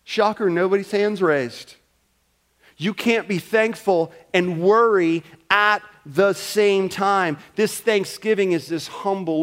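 A male pastor with a notably high voice preaches to his congregation. He leans into his points emphatically, often dropping into acted-out prayers and imagined conversations. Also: slow pace, a bit bright. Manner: emphatic, acts out prayers and quoted talk. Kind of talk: sermon. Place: church.

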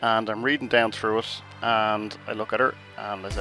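A man's voice: on the low side, fairly even intonation, normal speed, sharp tone, faint music behind. A middle-aged man hosting a podcast, telling a story in a chatty, self-mocking way. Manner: chatty and self-mocking, with restarts and acted asides. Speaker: podcast host.

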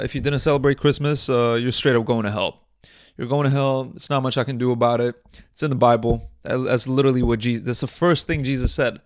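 A young man hosting his own podcast, talking casually in a crude, joking, rambling way with bursts of mock outrage. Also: mid-range voice. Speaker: podcast host. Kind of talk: casual solo podcast monologue. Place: small indoor set.

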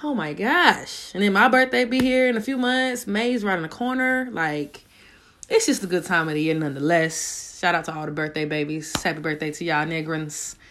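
On her solo podcast, this young woman talks in a relaxed, at-home way, swearing freely and leaning on slang. Her voice sits on the low side, a bit bright, at a moderate pace.

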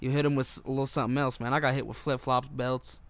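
A man's voice: medium pitch, flat delivery, fast, no room sound. A young man co-hosting a casual podcast, chatting loosely and swearing. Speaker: podcast co-host.

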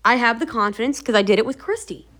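A woman's fairly high voice rattles along at a quick pace. She's the host of a motivational series, speaking informally to the camera with animated, encouraging storytelling and a steady stream of fillers.

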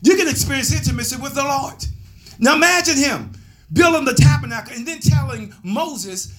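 A man pastor telling a story in a sermon, animated and laughing as he calls out to his members. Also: very high voice, normal speed, faint music behind.

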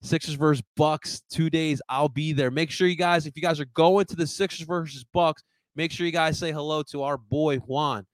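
Young male sports-stream host, fired up and profane, slightly high voice. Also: normal speed, dry recording. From first-generation American. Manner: excitable, swearing, fired up. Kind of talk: livestream sports talk.

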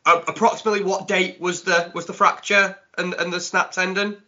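A man hosts a podcast in a casual interview, his voice bright and a little high. He keeps his guest going with short follow-up questions and encouragement, and the audio has a dull, lo-fi quality. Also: level tone, fairly quick. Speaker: podcast host.

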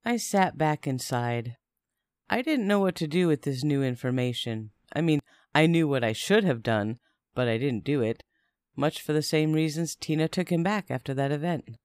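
A man narrating a first-person story in a steady, plain way. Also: on the high side, normal speed, smooth, dry recording, studio quality.

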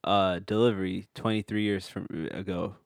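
A man's voice: deep voice, fairly even intonation, moderate pace, gravelly, no room sound, studio quality. A young man co-hosting a podcast, joking and easygoing in casual chat. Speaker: podcast co-host.

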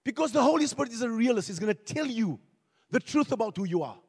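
A man preaching a sermon as pastor, animated, with repeated phrases and acted-out quotes. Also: extremely high pitch, fast talker, creaky, slightly rough, in a large hall.

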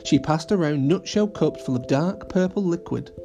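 A man gently narrating a children's audio story. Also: on the high side, lively intonation, normal speed, music in the background.

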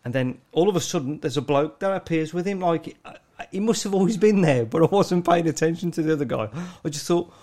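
Sweary Black Country storyteller. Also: male voice, fairly high pitch, animated, fast, hardly any pauses, a little mellow. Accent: Black Country English. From Black Country, England. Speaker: podcast co-host. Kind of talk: casual chat.

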